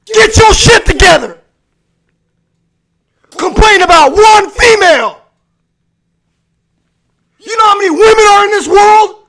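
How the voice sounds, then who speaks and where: A man with a very high voice rants on a live stream from his man cave, cursing and shouting. His voice is hoarse and worn from the yelling. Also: a little slow, long pauses. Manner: aggressive profane shouting rant.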